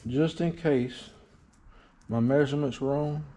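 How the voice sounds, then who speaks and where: A man talks through his truck work in a garage in a rambling, easygoing way, poking fun at his own skills. His voice sits a little high for a man. Faint workshop noise hums underneath. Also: slow pace, dark tone. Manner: rambling, easygoing, self-deprecating. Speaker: DIY truck builder. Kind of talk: casual shop vlog narration.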